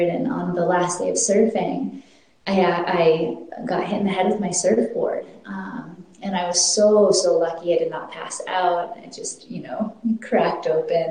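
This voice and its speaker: A woman's voice: on the low side, warm tone. A woman telling a personal story in an earnest, reflective way, often restarting her sentences. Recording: very echoey room.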